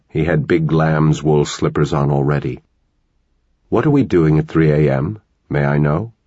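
Audiobook: male narrator, very deep, husky, dry, dull recording. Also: a little mellow, no room sound. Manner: measured, dramatic storytelling.

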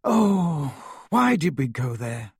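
A man's voice: a little high, expressive, moderate pace, darkish tone, slightly rough, no room sound, studio quality. A man voicing a firm, sceptical teenage witch. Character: clever, exasperated teenage girl witch.

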